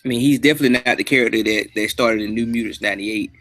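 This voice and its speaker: A man's voice: mid-range voice, racing, fairly bright tone. A man chatting on a comic-book panel, opinionated and trailing off. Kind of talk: casual roundtable chat.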